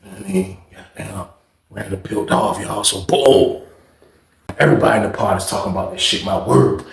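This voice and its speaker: Animated man telling a story in an echoey room. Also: fairly low pitch, fairly quick, gravelly, crowd noise. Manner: animated, acts out quotes and punch sounds. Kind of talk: casual prison storytelling.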